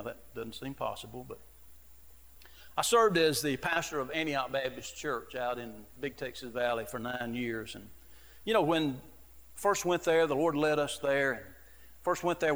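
A man's voice: medium pitch, vocal fry, fairly bright tone, in a large hall. A middle-aged man, an associate pastor, preaching a sermon in an earnest, conversational storytelling way. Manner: earnest, conversational storytelling with frequent "you know".

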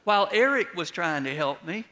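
A man preaching a sermon as a pastor, telling a personal story with lively retold dialogue and words that drop soft at the ends of lines. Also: sits high, normal speed. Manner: storytelling, animated when retelling, drops soft on closing words.

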